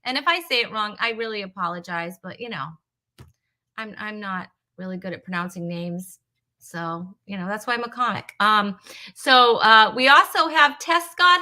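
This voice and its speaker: Bright-voiced woman hosting a chatty comedy stream. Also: on the high side, measured pace. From Rhode Island, USA. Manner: chatty, joking, greets viewers by name; self-deprecating asides, trailing restarts. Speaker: host of a live comedy web show. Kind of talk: casual live-stream chat.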